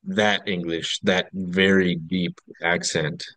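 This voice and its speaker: A man as a podcast guest, chatting casually, asking curious questions and telling stories in an animated way. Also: deep voice, slow pace, no room sound. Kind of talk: casual chat.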